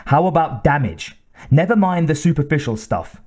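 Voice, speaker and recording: A man's voice: a little high, sing-song, normal speed, a little mellow, breathy edge. A man voicing a tense, focused male ship captain who asks short, pointed questions. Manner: terse, questioning.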